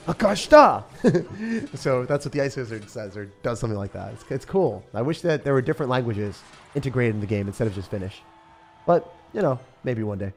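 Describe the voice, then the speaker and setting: A young man commentating his own live game stream in a jokey, excitable way, bursting into shouts and laughter. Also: mid-range voice. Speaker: gaming streamer.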